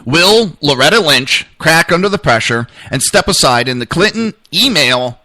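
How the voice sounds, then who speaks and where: A man's voice: fairly high pitch, animated, moderate pace, sharp tone. A man co-hosting a casual political podcast, a rambling storyteller who laughs at his own jokes. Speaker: podcast co-host.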